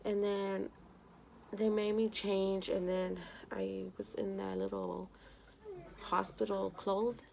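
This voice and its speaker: A woman's voice: mid-range voice, little pitch movement, takes it slowly, vocal fry, a little mellow. A young woman vlogger telling a personal story in a casual, rambling way with lots of fillers, sometimes tearful. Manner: rambling, many "you know" fillers; emotional, tearful at times. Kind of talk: casual storytelling while doing makeup.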